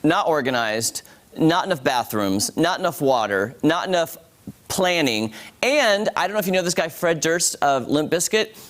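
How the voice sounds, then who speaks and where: Chatty, animated male TV reviewer. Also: a little high, moderate pace. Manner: chatty, animated, addresses viewers as guys. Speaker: TV show reviewer on a morning show. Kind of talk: casual TV review.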